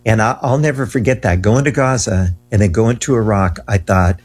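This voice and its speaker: Man, interview guest, earnest emphatic storyteller, low husky voice. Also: moderate pace, a little mellow. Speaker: guest recounting ministry travels.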